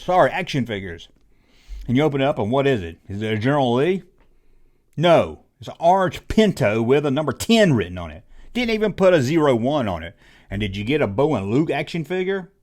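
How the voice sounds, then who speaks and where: A man in his forties hosting a comedic toy nostalgia rant, sarcastic, rambling and self-mocking. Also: medium pitch. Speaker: toy channel host.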